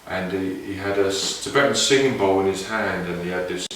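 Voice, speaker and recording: A man's voice: deep voice, brisk, a bit bright, slight background noise. A man telling casual, meandering anecdotes in a reflective way. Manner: meandering, reflective, with many restarts. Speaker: didgeridoo player sharing stories. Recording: very echoey room, mic far off.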